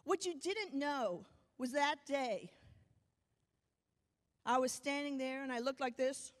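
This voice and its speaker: A woman from New York giving a motivational speech, telling a personal story with comic timing and dramatic pauses. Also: high voice. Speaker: motivational speaker. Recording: long hall reverb.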